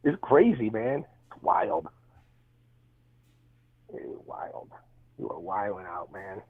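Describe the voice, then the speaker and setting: A male caller with a low, raspy voice argues over a tinny phone line. He is dismissive and mocking and repeats himself. His voice sounds thin and filtered. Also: very animated, slow. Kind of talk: heated call-in argument.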